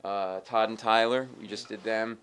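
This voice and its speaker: Middle aged new comic, lowish voice, tells stories fast and acts out all the people. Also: male voice, clear, resonant tone. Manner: acts out the other people in his stories, quick and lively. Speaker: stand-up comedian, interview guest. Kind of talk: animated storytelling in a TV interview.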